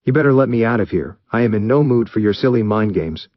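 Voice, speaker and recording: A man's voice: on the low side, expressive, fast talker, no echo, dull audio, lightly acted. A man voicing an arrogant, hot-tempered male warlord with a raised, defiant voice. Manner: arrogant, defiant, pleading when beaten.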